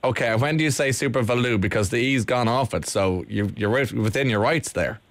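An Irish man hosts a radio chat, teasing his caller with jokey, playful questions. His voice sits at a middle pitch, and the sound is close and dry. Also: brisk, no room sound. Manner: teasing, joking. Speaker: radio host. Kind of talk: casual chat.

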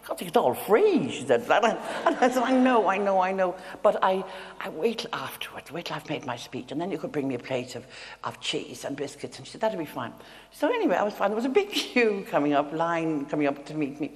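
A woman's voice: low voice, big pitch swings, quick pace. A woman telling a chuckling, self-mocking story to an audience. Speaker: guest author. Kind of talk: anecdote told to a live audience. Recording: echoey hall with audience and hiss.

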